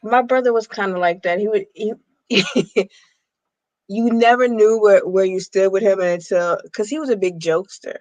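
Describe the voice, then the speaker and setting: A host chatting casually in an interview, lively and chuckling now and then. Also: mid-range voice, moderate pace.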